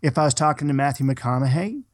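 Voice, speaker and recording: A man's voice: medium pitch, animated, fast talker. Chatty male podcast co-host. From Minnesota and Boston area. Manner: chatty, rambling with frequent restarts. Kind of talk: casual chat.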